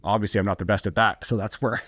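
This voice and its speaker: Blunt, low-voiced man telling his story. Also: fairly even intonation, quick pace, fairly bright tone, no echo, studio quality. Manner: blunt, intense, swears freely, acts out quoted dialogue. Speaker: entrepreneur guest. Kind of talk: candid storytelling in a podcast interview.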